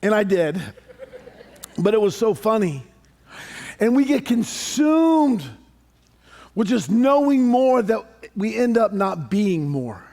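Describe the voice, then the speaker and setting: A man preaching a sermon as pastor, animated and conversational with touches of humor. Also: high voice, slow pace, creaky, long pauses. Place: church sanctuary.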